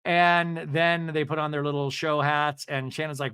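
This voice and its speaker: A man hosting a podcast, recapping a TV show in animated, snarky storytelling. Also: a little high, a little fast, smooth, no echo, studio quality. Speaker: podcast host. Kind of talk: comedic TV recap.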